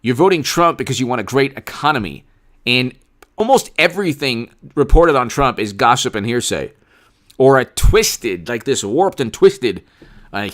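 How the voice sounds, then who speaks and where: A man's voice: medium pitch, very animated, moderate pace, fairly bright tone. A man hosting a political commentary livestream, talking in a sarcastic, rambling way.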